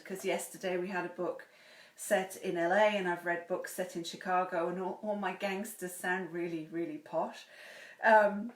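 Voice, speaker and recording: A woman's voice: fairly low pitch, normal speed. A chatty woman with an effusive manner who hosts a livestream and reads a book's first chapter aloud at home. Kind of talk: livestream chat and read-aloud. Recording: roomy echo.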